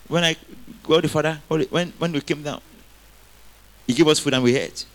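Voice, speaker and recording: A man's voice: on the high side, animated, moderate pace, fairly bright tone. A man preaching a sermon, quoting scripture and getting the congregation to repeat lines after him.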